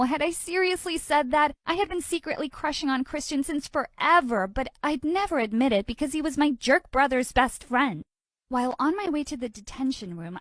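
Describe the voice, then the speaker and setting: Give me a woman with a high voice narrating an expressive cartoon story. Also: dry recording, studio quality. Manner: dramatic, expressive. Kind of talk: scripted first-person story narration.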